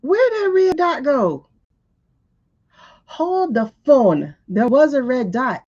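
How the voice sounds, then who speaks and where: A woman's voice: high voice, big pitch swings, takes it slowly, darkish tone. A woman hosting a live stream, giving casual, exasperated running commentary as she talks back to footage she is watching. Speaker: host of a live tarot stream. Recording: lo-fi stream audio.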